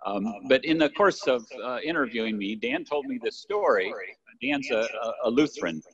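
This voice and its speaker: A man's voice: medium pitch, sing-song, normal speed, breathy edge. Older male pastor preaching in a reverberant church. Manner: conversational, warm asides with "right?". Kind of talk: sermon. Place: church sanctuary. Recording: lo-fi livestream with long church reverb.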